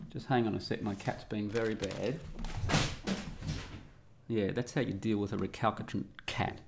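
A middle-aged man with an Australian accent talks loosely and irreverently, swearing freely and wandering off on tangents. His voice sits at an ordinary middle pitch for a man, recorded at home. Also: a bit bright. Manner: irreverent, rambling, profane. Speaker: guest podcast host. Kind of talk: casual monologue. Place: home room.

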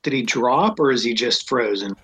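A man's voice: mid-range voice, expressive, moderate pace, a bit bright, slightly rough. A man playing a tabletop game, asking hesitant questions about rolls. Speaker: player.

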